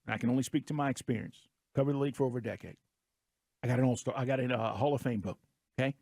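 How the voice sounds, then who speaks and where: A man's voice: mid-range voice, rapid-fire, vocal fry, darkish tone, no echo, clean studio sound. A man co-hosting a sports radio show, talking emphatically and firing off rhetorical questions.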